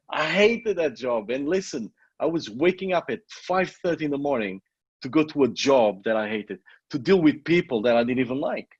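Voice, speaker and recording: Husky-voiced coach with a foreign accent. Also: male voice, mid-range voice, animated, a little fast, no echo. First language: not English. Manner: emphatic, repeats himself, swears casually. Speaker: online marketing coach. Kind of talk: motivational live coaching talk. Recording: dull lo-fi audio.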